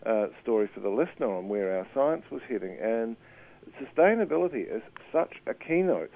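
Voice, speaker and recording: A man's voice: medium pitch, sing-song, brisk, vocal fry. A man chatting casually on radio as a media commentator, hesitant with many fillers and restarts. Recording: tinny phone line.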